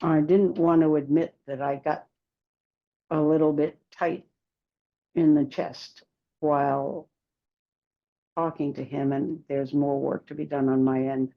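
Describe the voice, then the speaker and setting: A woman calling in to a talk show, speaking in a slow, reflective way. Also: sits low, level tone, vocal fry, lo-fi sound. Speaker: caller. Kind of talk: phone-in conversation.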